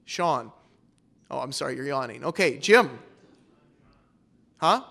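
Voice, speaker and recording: A man's voice: mid-range voice, lively intonation, slow, creaky, sharp tone. A man pastor hosting a playful Bible trivia game at a church service, teasing the congregation before introducing guests.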